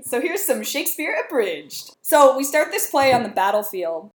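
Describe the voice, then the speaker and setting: A woman's voice: high-pitched, sing-song. A woman podcast co-host giving a chatty, laughing plot summary in casual talk. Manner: chatty, laughing, quick asides. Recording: echoey room.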